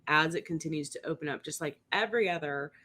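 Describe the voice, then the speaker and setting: Relaxed voice in a whiskey chat. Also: mid-range voice, fast talker. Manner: relaxed, chatty. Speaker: whiskey reviewer, co-host. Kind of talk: casual tasting chat.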